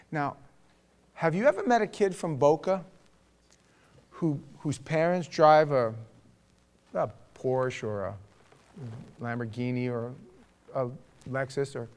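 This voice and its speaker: A middle-aged man with a New York accent preaching a conversational sermon, emphatic, moving between loud punch lines and quiet asides. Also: mid-range voice, clean tone. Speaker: pastor.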